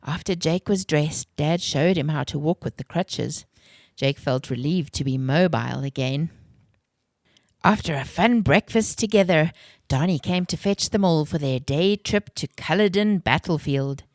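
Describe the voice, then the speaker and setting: A low-pitched woman reads a children's novel aloud, calm and clear. Her voice sits close and dry, with no room around it. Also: a little slow, no room sound. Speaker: storyteller.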